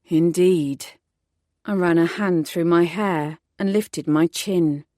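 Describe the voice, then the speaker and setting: A woman's voice: on the low side, unhurried, darkish tone, no echo. Woman narrating an audiobook, dry and close. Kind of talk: scripted first-person narration.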